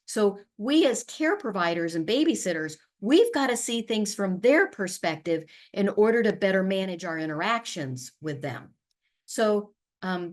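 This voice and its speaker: A middle-aged woman leading a webinar for caregivers, explaining patiently and acting out calm, soothing sample replies. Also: mid-range voice. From USA. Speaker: webinar facilitator and family therapist. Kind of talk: educational webinar presentation.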